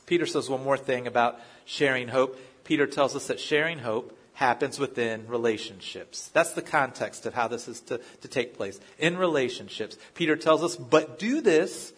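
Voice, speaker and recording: A man's voice: medium pitch, moderate pace, few pauses, fairly bright tone, slightly rough. A male pastor giving a sermon in a conversational way, telling personal stories and often restarting his phrases. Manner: conversational, story-driven preaching with frequent restarts.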